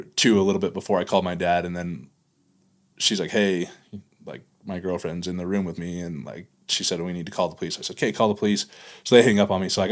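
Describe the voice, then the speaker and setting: A man, a podcast guest, recounting a painful memory in a halting way, full of fillers and restarts. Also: low voice. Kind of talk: candid podcast conversation.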